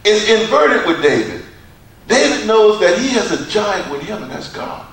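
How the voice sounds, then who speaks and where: A man preaching a sermon in a church, with a preacher's cadence, dramatic pauses and repeated phrases. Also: high voice, sing-song, a bit bright. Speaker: pastor. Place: church sanctuary. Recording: echoey church from far off.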